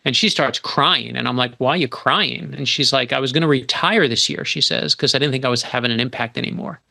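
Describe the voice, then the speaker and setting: Animated, bright-voiced male storyteller. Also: medium pitch, brisk, vocal fry. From New York. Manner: animated, emphatic storyteller with frequent restarts. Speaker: guest author. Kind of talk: podcast storytelling.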